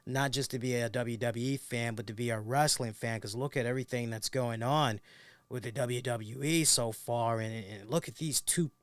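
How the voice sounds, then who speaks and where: Man, casual animated review talk, smooth clear voice, dry close sound. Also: mid-range voice, moderate pace, dry recording. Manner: animated, talks straight to viewers, restarts often. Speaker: wrestling show host.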